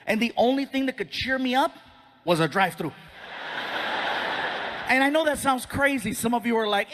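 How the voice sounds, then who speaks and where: A male stand-up comedian telling an animated story on stage and acting out other people's voices. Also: very high-pitched, normal speed, pauses often, slight background noise.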